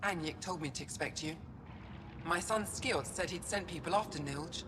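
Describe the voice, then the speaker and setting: A woman's voice: on the low side, moderate pace, background noise, natural voice. An actress playing a blunt, sarcastic woman mechanic who is a mother in a video game. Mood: wry. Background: game music.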